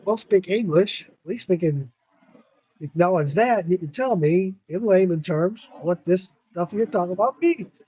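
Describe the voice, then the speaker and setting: A man with a notably high voice, chatting casually on a podcast. He tells stories with lots of energy, swears freely and breaks into laughs along the way. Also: a little slow, slightly rough. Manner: animated storyteller, swears freely, laughs often. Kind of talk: casual chat.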